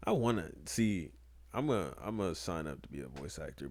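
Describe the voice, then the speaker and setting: A man's voice: deep voice, lively intonation, moderate pace, a little hiss or hum. A young man co-hosting a podcast, chatting casually, rambling and joking. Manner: rambling, joking, breaks into loud laughs. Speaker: podcast co-host.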